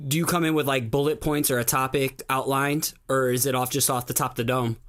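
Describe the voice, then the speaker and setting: A man's voice: medium pitch, steady tone, brisk, fairly bright tone. A man hosting a podcast who asks questions in an easygoing, conversational way. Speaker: podcast host. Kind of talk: casual interview chat.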